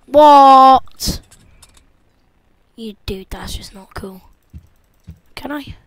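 A woman's voice: mid-range voice, slow, slightly rough. A woman playing a horror game, goofy and jumpy, muttering and whispering to herself and shrieking at the scares. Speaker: gamer. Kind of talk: horror let's-play commentary.

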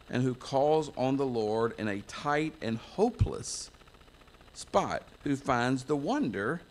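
A man from the United States preaching a folksy, self-mocking sermon to a church congregation, wandering into asides. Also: medium pitch. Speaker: pastor.

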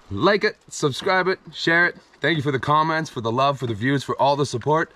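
A man's voice: a little high, brisk, hardly any pauses, sharp tone. A man hosting his own exploration videos, casually narrating a walk through an abandoned house and plainly listing what he finds. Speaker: host of an urban exploration channel.

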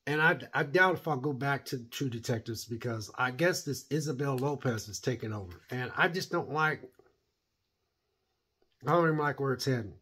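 Husky-voiced man ranting about a show. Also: medium pitch, expressive, normal speed, sharp tone. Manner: rambling, blunt and opinionated. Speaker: show reviewer. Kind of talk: casual spoken review.

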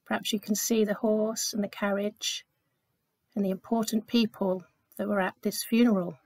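Gentle woman telling children a story. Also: mid-range voice, steady tone, moderate pace. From England. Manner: gentle, clear storyteller, acts out quoted voices. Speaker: children's talk leader. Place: church.

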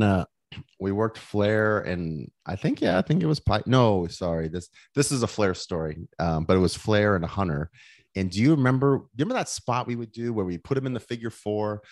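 A man's voice: fairly low pitch, lively intonation, a little fast, darkish tone. Laughing middle-aged man telling stories. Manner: rambling, many restarts and laughs while telling stories. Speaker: podcast guest, former wrestler. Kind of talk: casual storytelling.

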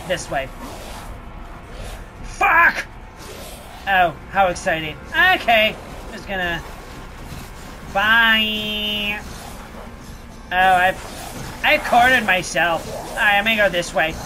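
Animated, slow-talking let's play host. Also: mid-range voice, noisy background. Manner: reactive, swears, talks back to enemies. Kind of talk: casual gameplay commentary.

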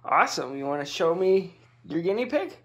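A man's voice: high-pitched, big pitch swings, normal speed, slightly rough. A man chatting casually and fondly to his pet snakes at home while cleaning their tubs, in a playful sing-song. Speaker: snake keeper vlogger.

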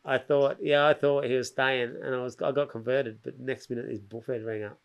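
A man's voice: mid-range voice, moderate pace, clear, resonant tone, lo-fi sound. An Australian man chats as a podcast guest, spinning a long yarn in a loose, rambling way full of slang. He keeps stopping and restarting his sentences and slips into other people's voices to act out what they said. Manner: animated, acts out other people's lines. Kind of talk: casual storytelling chat.

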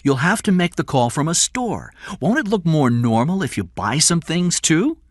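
A man reading aloud and voicing a caring young woman who speaks in a gentle, pleading way. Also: a little high, sing-song, moderate pace, dry recording, studio quality, pitched above the performer's own voice.

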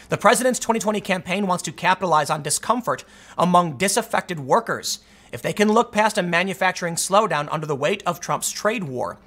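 A man with a high voice offers solo political commentary, reading news quotes aloud and reacting to them. He grows animated and repeats words when he gets fired up.

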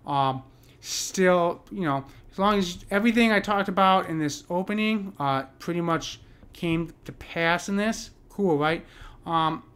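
A man's voice: high-pitched, measured pace, a bit bright. A man with an American accent explaining poetic meter in a casual lesson, thinking aloud with many fillers and restarts. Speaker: poetry teacher. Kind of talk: casual screen-share lesson.

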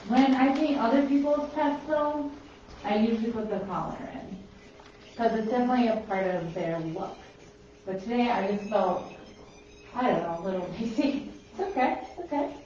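A Minnesotan woman who paints pet portraits chats casually while working, her voice coming from across a roomy studio. It's a little high and warm, and she rambles and laughs at herself. The audio has slight background noise and sounds distant and slightly dull.

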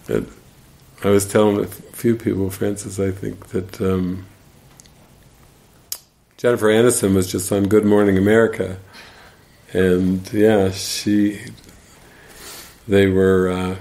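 A man giving casual spiritual commentary, telling stories in an animated way and laughing as he goes. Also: lowish voice, unhurried, creaky, pauses often. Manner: animated storyteller, laughs while retelling. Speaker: spiritual teacher.

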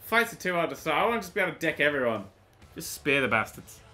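An excitable man gives a sweary, joking running commentary as he plays a video game. His voice sits high and bounces all over the place, with a very bright, sharp edge. Faint game music plays behind him. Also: fast. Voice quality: excitable, sweary, jokey exclamations. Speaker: gaming YouTuber. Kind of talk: let's-play commentary.

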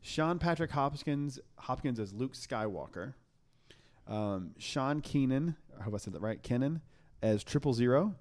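A man's voice: medium pitch, lively intonation, measured pace, a little mellow. A young man hosting a podcast, talking in a casual, enthusiastic and rambling way with many restarts. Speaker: podcast host. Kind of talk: casual chat.

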